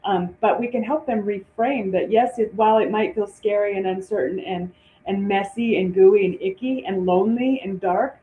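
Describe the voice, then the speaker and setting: A woman's voice: mid-range voice, normal speed, a little hiss or hum. A woman guest on a podcast interview, explaining earnestly and often restarting her phrases. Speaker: guest author and coach. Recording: tinny phone-like line in an echoey room.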